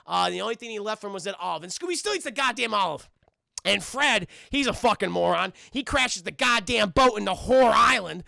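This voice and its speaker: A man's voice: sits high, brisk, creaky, no room sound, clean studio sound. A man reviewing a cartoon live for his stream chat, swearing freely and joking as he recaps. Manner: profane, excitable, joking.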